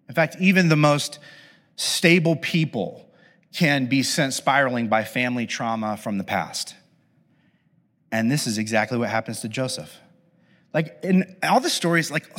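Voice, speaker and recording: A man preaching a conversational, animated sermon with casual asides to his listeners. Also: mid-range voice. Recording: long hall reverb.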